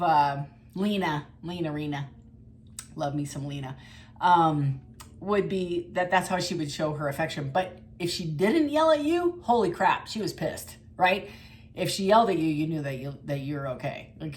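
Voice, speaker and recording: A middle-aged woman with a slightly low voice chats her way through a tarot reading. She is blunt and rambling, dropping the odd swear word, and a faint background hum sits under her voice. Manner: chatty and blunt, with mild swearing and frequent laughs. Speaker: tarot reader. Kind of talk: casual tarot reading monologue.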